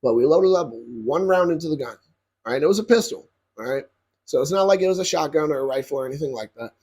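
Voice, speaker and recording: Young man, husky, a bit high voice, casual storytelling, cussing, animated. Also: fast talker. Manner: profane, animated, addresses viewers directly. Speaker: YouTuber telling a story.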